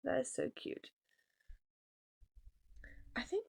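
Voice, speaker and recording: A woman hosting a crafts video, chatting casually and gushing with warm emotion over each item. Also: on the high side, lively intonation, a little slow, creaky. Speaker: podcast host. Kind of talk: casual chat to camera.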